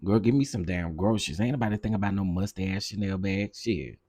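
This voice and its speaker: A low, husky male voice, dishing gossip in a sassy, chatty way. He laughs a lot and repeats his punchlines. The sound is dry and close, with a mellow, dark tone. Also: a little fast, no room sound. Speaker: commentary show host. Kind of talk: casual commentary livestream.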